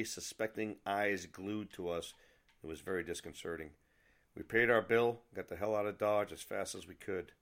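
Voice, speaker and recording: Brief: middle-aged male podcast host from New England, low voice, wry storytelling. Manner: wry, lively storytelling with asides. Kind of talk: personal storytelling.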